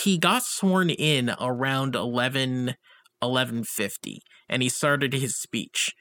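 A man co-hosting a casual discussion, halting with many fillers and restarts. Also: medium pitch, sharp tone. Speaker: co-host.

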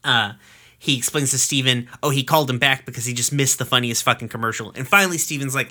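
A man's voice: mid-range voice, pushed and bright. A man hosting a podcast, casually recapping a cartoon episode with swearing and jokes. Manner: swearing, jokey recap with quick acted quotes. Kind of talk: casual chat.

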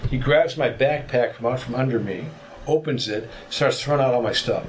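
A man's voice: mid-range voice, normal speed, slight background noise. Man telling a travel story. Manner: animated, vivid storytelling. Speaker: podcast guest. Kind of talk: storytelling anecdote.

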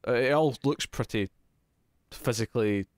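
A man's voice: medium pitch, normal speed, no room sound. Rambling, jokey man, dry sound. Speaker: podcast co-host. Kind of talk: casual chat reviewing a TV episode.

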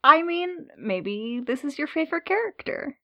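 A woman co-hosts a casual podcast and chimes in with short joking remarks. Her voice sits a little high and swings lively up and down. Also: dull audio. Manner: joking, quick quips. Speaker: podcast co-host.

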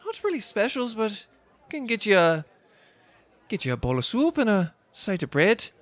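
Chummy barmaid, high pitch, a man doing it. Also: huge pitch swings, normal speed, dry recording. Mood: brisk. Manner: chummy, calls customers dearie and love. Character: brisk female tavern barmaid.

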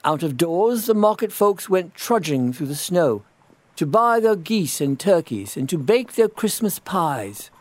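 A man reading a classic children's storybook aloud as narrator, in a gentle, expressive storytelling manner. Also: sits high, a little slow, no room sound. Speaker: storybook reader. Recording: studio audio theatre production.

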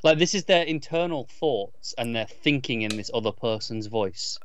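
A man's voice: medium pitch, expressive, moderate pace, fairly bright tone, highs cut off, slight background noise. A man co-hosting a casual podcast, emphatically arguing his complaints about an episode, often stammering as he restarts. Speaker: podcast co-host. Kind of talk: casual chat reviewing a TV episode.

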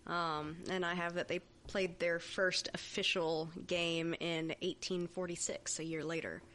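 A woman's voice: lowish voice, little pitch movement, a bit bright, slight background noise. A woman co-hosting a podcast, easygoing and wry in casual chat. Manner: easygoing, wry, quick laughs. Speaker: podcast co-host.

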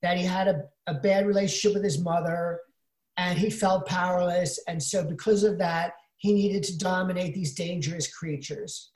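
A woman's voice: on the low side, fairly even intonation, normal speed, darkish tone. Rambling woman co-host in a roomy echo. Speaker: podcast co-host. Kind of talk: casual chat.

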